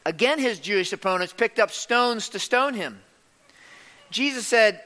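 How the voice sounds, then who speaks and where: A man preaching a sermon as pastor, emphatic and swinging between loud and hushed delivery. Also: high-pitched, animated, measured pace, big-room sound.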